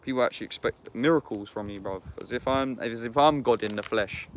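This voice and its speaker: A man's voice: medium pitch, a little fast, a little hiss or hum. Slangy young man from England. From Epsom, England. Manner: slangy and sweary, keeps saying bruv. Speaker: YouTuber talking to viewers. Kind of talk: casual livestream chat.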